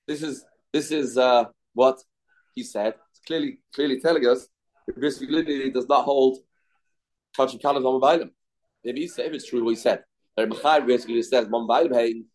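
A man's voice: mid-range voice, a little mellow, rough recording. A man teaching a daily Talmud class. He explains in short, repeated phrases and asks rhetorical questions.

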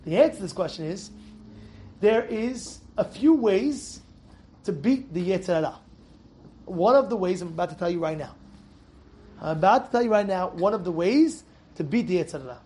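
A young adult rabbi giving an animated, emphatic Torah lesson to young students, telling a story and repeating phrases for stress. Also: male voice, high voice, normal speed, long pauses. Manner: emphatic, repeats phrases, shouts in acted quotes.

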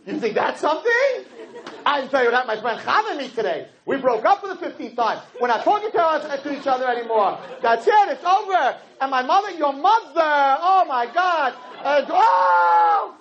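A man lecturing who voices a harried, exasperated wife, one-upping her husband's complaints in a shrill, escalating tone. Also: a little fast, fairly bright tone, a faint crowd. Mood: dramatic. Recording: dull lo-fi lecture recording.

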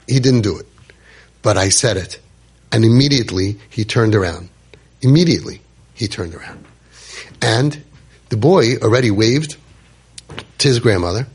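Husky-voiced man in his fifties telling a story. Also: lowish voice. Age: 50s. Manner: animated, repeats phrases for emphasis, sprinkles Yiddish words. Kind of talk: dramatic personal storytelling.

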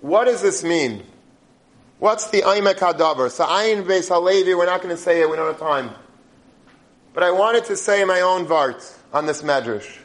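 A man's voice: high-pitched, normal speed. A man teaching on the weekly Torah portion, emphatic and full of rhetorical questions.

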